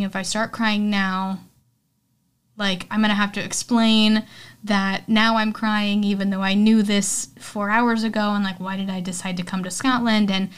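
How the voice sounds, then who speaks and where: A young woman hosts a casual film recap podcast at a medium pitch. She talks in a chatty, candid way and fills her sentences with "um" and "like". Her tone is heartfelt. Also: clean tone. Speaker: podcast host.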